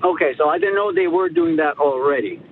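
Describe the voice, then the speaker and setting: A man calling in to a radio show by phone, a bylaw officer who talks in a halting, hesitant way. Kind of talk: phone-in call. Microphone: phone line. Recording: tinny phone line with a faint rumble.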